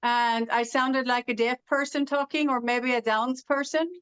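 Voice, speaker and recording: This interview guest is a middle-aged Los Angeles woman, from the United States, whose R's have an Irish ring; she shares stories conversationally with plenty of "uh" fillers. Her voice is on the high side, steady, a bit bright and clean, at a moderate pace. The recording has no echo but poor audio quality.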